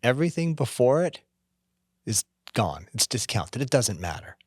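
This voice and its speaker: A man's voice: mid-range voice, sing-song, moderate pace, darkish tone, breathy edge, dry recording, studio quality. A middle-aged man with a Canadian accent, co-hosting a casual conversation in a candid, reflective way. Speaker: podcast co-host.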